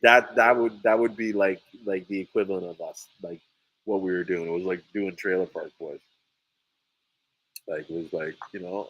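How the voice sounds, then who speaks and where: A man hosting a casual chat, telling a story with lots of energy, laughing often and voicing the people in it loudly. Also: low-pitched, steady tone, moderate pace, poor audio. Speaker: sea moss farmer and podcast host.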